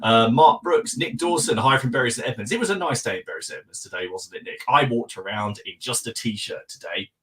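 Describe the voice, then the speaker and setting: A man hosting a live podcast, running through viewers' names with quick friendly asides. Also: mid-range voice, a bit bright. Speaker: podcast host. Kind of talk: live-stream chat greeting viewers.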